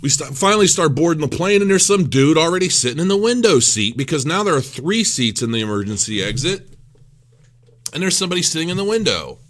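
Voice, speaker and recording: A man's voice: fairly high pitch, expressive, fairly quick, fairly bright tone. A man recovering from illness tells a rambling, self-mocking story in a casual vlog, swearing freely. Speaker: crypto vlogger.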